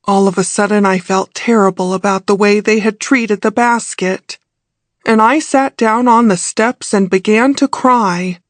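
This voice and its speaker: A woman narrating a classic mystery audiobook in the first person, with a measured storytelling delivery. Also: medium pitch, no echo.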